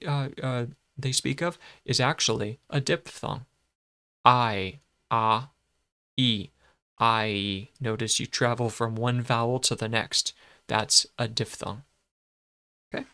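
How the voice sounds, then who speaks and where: Brief: male tutor, unhurried delivery, clear bright tone, sounds out each syllable. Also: mid-range voice. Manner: patient, breaks words into sounds, self-correcting. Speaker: shorthand teacher. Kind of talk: explaining a lesson.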